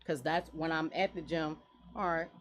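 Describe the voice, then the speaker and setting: Earnest woman guest, lowish voice. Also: moderate pace, a little hiss or hum. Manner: earnest, animated storytelling. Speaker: guest business owner. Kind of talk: casual interview talk. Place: radio studio.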